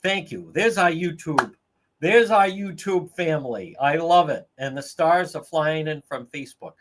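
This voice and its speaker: A man's voice: on the high side, measured pace. A man hosting a livestream, telling stories in a casual, profane, laughing way. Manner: profane, laughing, animated storytelling. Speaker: livestream host.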